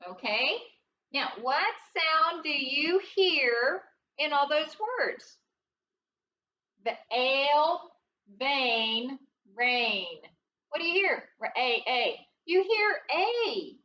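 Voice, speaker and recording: Casting note: woman, early-grades phonics teacher, patient sing-song delivery, bright tone, recorded a bit off-mic in a roomy space with a dull sound. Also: high-pitched, slow pace, distant mic, a little hiss or hum. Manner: patient, sing-song teacher voice, asks questions and answers them. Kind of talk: classroom phonics lesson.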